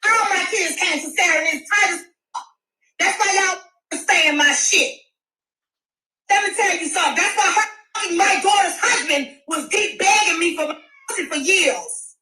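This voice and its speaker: A middle-aged woman in a loud, profane rant on a live stream. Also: very high voice, normal speed, roomy sound, rough recording. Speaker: livestreamer.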